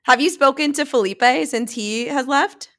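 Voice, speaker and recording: A woman's voice: high voice, normal speed, fairly bright tone. A woman co-hosting a podcast, chatting in a bubbly, giggly way. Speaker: podcast co-host. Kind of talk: casual interview.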